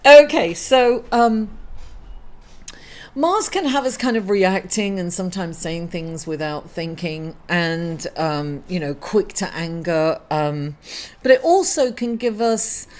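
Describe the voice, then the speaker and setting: Middle-aged woman, astrology host, grieving, halting delivery full of fillers and apologies. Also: lowish voice. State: emotional, grieving. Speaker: astrology reader. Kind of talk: weekly horoscope reading to camera.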